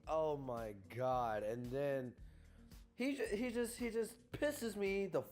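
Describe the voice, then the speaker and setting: A man's voice: on the high side, slow, a little mellow, faint music behind. A young man giving a profane, exasperated album review rant, stumbling over restarts and repeating himself as he vents. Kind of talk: ranting music review.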